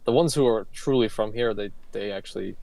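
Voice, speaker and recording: A man's voice: lowish voice, fairly quick, gravelly, mellow, dry recording. A man hosting a casual chat reacting to his old videos, from New York, laughing often and poking fun at himself. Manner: laughs often, self-mocking. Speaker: host.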